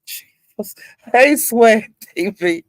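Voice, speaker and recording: A woman hosting a casual livestream, calling out viewers by name, laughing often, cursing freely and swinging between loud outbursts and low mutters. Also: expressive, very slow, no echo. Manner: talks straight to chat viewers by name, laughs a lot, heavy cursing. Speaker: livestream host.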